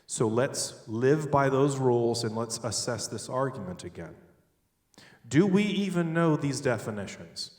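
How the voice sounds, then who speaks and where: A man giving a sermon-style talk on logic, animated and joking, with sudden loud stresses. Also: mid-range voice, measured pace, recorded from a distance. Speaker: speaker at a church. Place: large church hall. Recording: echoey hall, picked up from afar.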